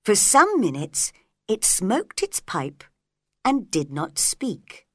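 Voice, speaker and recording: A woman reading a story aloud for English learners, clear and careful. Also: mid-range voice, wildly swooping pitch, slow, no room sound, clean studio sound.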